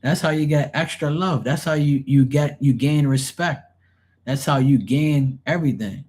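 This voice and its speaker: Speaking at an ordinary pace in a slightly high voice, a man does tarot readings on a live stream. His casual chat is full of blunt, profane anecdotes, and he lampoons the voices of anyone he quotes with lively energy.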